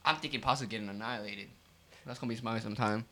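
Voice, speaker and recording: A man co-hosting a podcast, telling a profane, animated story about his restaurant job with lots of fillers. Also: on the low side, very fast. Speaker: podcast co-host. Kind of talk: casual storytelling rant.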